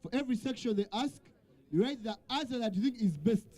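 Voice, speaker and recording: A man hosts a quiz night, calling out to the teams and teasing them. His voice sits high and sounds mellow and dark in tone. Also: lively intonation, quick pace. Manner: calls out to the crowd and jokes with teams. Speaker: event host. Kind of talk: hosting a live quiz night. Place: event venue with a crowd.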